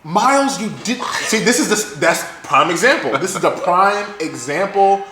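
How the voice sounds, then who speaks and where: A man's voice: high voice, animated, normal speed, reverberant, a crowd in the background. A man co-hosting a podcast in casual chat, rambling through an exasperated recounting. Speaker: podcast co-host.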